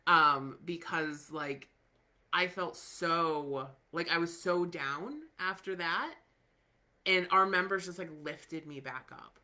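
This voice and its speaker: A woman's voice: fairly low pitch, slow pace, sharp tone. A woman in her thirties hosting a podcast, talking casually and candidly with lots of fillers, encouraging her listeners. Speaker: podcast host.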